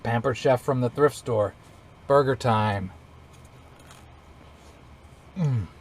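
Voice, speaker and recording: A man's voice: medium pitch, takes it slowly, slight background noise. A man chatting casually in a cooking vlog from inside his RV, upbeat and laughing often. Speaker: RV vlogger.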